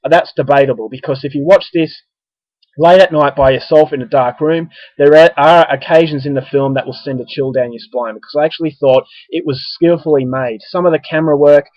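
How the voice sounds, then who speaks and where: An Australian man giving a casual spoken film review, talking conversationally with frequent pauses and restarts. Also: a little high, no echo, highs cut off.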